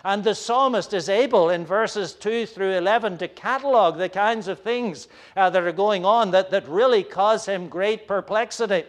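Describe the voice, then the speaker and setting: A man preaching a sermon in an earnest, searching way, often pausing and hesitating. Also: sits high.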